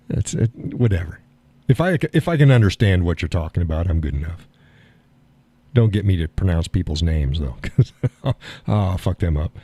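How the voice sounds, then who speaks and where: In a low, mellow voice with no room sound, a man hosts a live stream and chats casually. He laughs often and comes across folksy and blunt, swearing casually.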